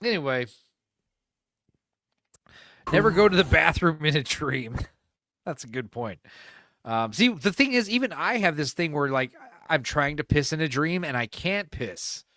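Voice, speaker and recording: A man's voice: a little high, expressive, unhurried, long pauses, sharp tone, no room sound. A young man co-hosting a podcast, telling stories in a rambling, profane way, laughing often and acting out quotes. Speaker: podcast co-host. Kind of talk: casual storytelling chat.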